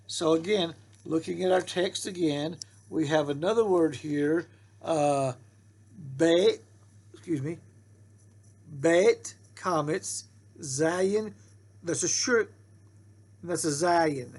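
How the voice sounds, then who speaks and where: A man teaches a beginner Hebrew lesson at an unhurried pace. His voice sits a little high, with a husky, gravelly texture. He patiently repeats each rule and sounds out syllables for his students. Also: darkish tone. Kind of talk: slow classroom-style lesson.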